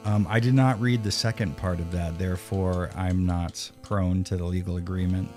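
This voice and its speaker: A man's voice: sits low, fairly even intonation, normal speed, hardly any pauses, a little mellow, soft background music. A man streaming a retro video game live, chatting casually with profane, sarcastic banter. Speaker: streamer playing a retro game and reading chat.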